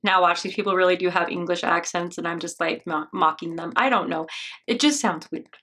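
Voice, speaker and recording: A woman's voice: on the low side, fairly even intonation, a little fast, sharp tone. An American woman hosting a reaction video, rambling and laughing often, with a sarcastic edge. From United States. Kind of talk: casual commentary.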